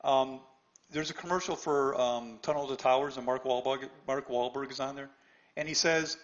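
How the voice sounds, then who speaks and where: A man's voice: mid-range voice, fairly even intonation, moderate pace. A man teaching a trading lesson to a live online class, blunt and challenging, often tagging "right?" and stammering on restarts. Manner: talks straight to students by name, pushy and challenging. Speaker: trading instructor.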